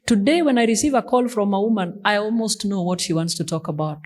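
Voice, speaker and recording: A woman's voice: a little high, lively intonation, fast talker, few pauses, a little mellow. A woman pastor, preaching an emphatic sermon that mixes English and Swahili.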